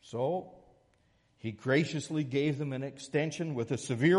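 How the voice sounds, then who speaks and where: A man preaching a sermon, moving between a soft prayer and a lively illustration. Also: fairly high pitch, normal speed, big-room sound. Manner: storytelling, shifts from soft prayer to lively anecdote. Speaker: pastor.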